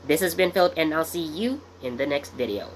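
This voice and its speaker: A man's voice: fairly high pitch, animated, fairly quick, slight background noise. A man hosting his own video channel, talking casually in a rambling way with many fillers and self-corrections. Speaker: YouTube channel host. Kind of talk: casual commentary vlog.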